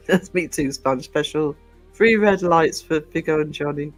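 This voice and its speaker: Unhurried and a little high in pitch, a man hosting a livestream replies to live comments in a loose, rambling chat. He hesitates frequently and peppers his speech with ums, while faint music runs in the background.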